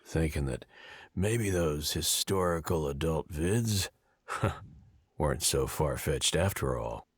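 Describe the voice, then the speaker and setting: A deep, husky, sardonic investigator. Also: male voice, lively intonation, takes it slowly, dry recording, exaggerated voice. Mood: wry. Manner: dry, sardonic. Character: weary sardonic man investigator. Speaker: game narrator and protagonist. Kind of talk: scripted game narration.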